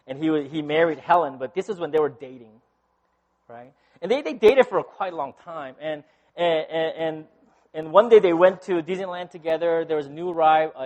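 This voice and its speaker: A middle-aged male pastor with a notably high voice, preaching in a chatty, personal way. He keeps checking in with his listeners and swings from loud, lively storytelling down to quiet, intense moments. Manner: conversational preaching with frequent "right?" asides. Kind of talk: sermon.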